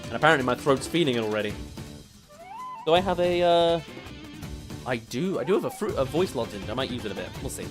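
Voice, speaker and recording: A man's voice: medium pitch, animated, brisk, long pauses, over music. A young English man streaming as a VTuber, chatting casually and laughing as he reads quiz questions aloud. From England.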